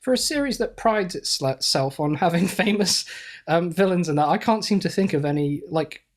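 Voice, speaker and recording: A man's voice: sits high, expressive, normal speed. A man co-hosting a podcast in casual banter, hesitant and giggly with many fillers. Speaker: podcast co-host.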